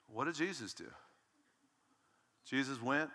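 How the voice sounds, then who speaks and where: Male pastor in his sixties, bright ringing tone, hall reverb; dramatic delivery from hushed to shouting. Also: medium pitch, moderate pace, slight background noise. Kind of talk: sermon. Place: church sanctuary. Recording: long reverb in a large hall.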